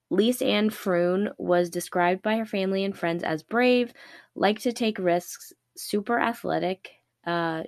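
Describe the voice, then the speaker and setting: A young woman with a sore, raspy throat hosts a true-crime podcast in an unhurried, rambling way, cursing offhandedly and poking fun at herself. Her speech is slow and the recording is dry and close, made on a laptop. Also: medium pitch, no echo. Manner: rambling, swears casually, self-deprecating. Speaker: podcast host.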